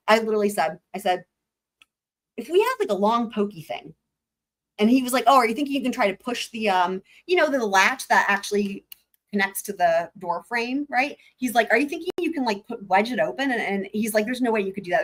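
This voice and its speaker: A woman's voice: on the high side, a bit bright. A woman hosting a casual livestream, chatting to her viewers as she tells a story, swearing freely and reading out chat comments. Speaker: livestream host.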